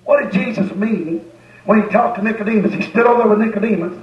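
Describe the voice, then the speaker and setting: A man's voice: high voice, fast. A male preacher, delivering a folksy, rhythmic sermon with repeated phrases. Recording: echoey, dull sound from far off.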